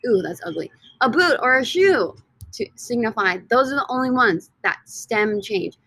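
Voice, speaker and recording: A woman teaching a recorded lesson from slides in an upbeat, teacherly way, often stretching words out slowly for emphasis. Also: a little high, very animated, pushed and bright. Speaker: Spanish teacher.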